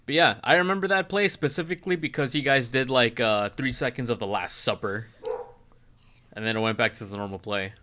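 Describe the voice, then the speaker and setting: A man in easygoing conversation with friends. His voice is bright and forward, and he rambles through stories with frequent laughter. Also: medium pitch, brisk, slight background noise. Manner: rambling, laughs often, hums song lines. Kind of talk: casual chat among friends.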